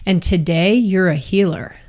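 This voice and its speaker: A woman hosting a podcast interview, enthusiastic and quick to laugh. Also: lowish voice, darkish tone. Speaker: podcast host. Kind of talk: casual interview.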